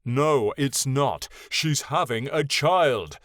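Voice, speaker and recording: A man voicing a proud, wounded male dragon who shouts in booming fury. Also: animated, measured pace, no room sound, studio quality, close to an everyday voice. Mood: reproachful.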